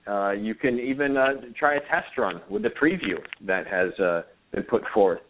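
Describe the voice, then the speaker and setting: A man's voice: lowish voice, animated, moderate pace. A man speaking as a guest on a radio talk show, earnest and hesitant, with frequent fillers. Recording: tinny phone-line sound.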